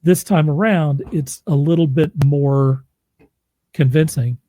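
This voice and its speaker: An audiobook narrator chats casually, rambling, putting himself down and laughing often. His voice is fairly high, slow and mellow, with no echo.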